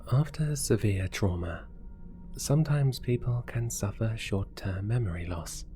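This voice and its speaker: A man voicing a calm, professional woman nurse who explains things steadily. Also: fairly low pitch, measured pace, faint music behind, close to an everyday voice.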